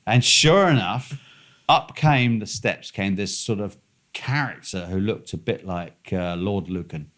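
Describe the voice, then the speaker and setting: A man's voice: fairly low pitch, a little slow, fairly bright tone. A man telling a long, rambling, profane anecdote with many fillers and restarts.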